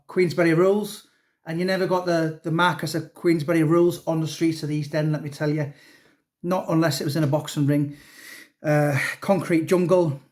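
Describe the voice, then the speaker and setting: Rambling, chatty man with a raised voice. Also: fairly high pitch. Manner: rambling, chatty, many restarts and fillers. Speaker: author. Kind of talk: casual chat.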